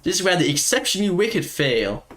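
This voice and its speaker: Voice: mid-range voice, very animated, brisk, fairly bright tone, roomy sound, faint music behind, pitched above the performer's own voice. A player voicing a swaggering cowboy wolf matriarch from a game, in a put-on American accent, reading the dialogue aloud. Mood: ominous.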